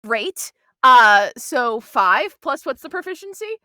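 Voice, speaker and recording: Woman, tabletop player, chatty, giggly, high voice, lively. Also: takes it slowly, no room sound, clean studio sound. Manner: chatty, self-deprecating, giggly. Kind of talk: casual play at a tabletop game.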